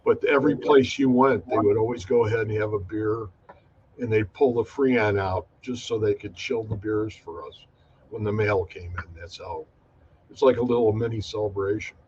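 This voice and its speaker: A man with a lowish voice tells his memories to the hosts in a plain, slightly halting way. His voice comes through a dull, lo-fi remote line with a faint hiss underneath. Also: a little mellow. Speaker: guest. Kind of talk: casual interview, recounting memories.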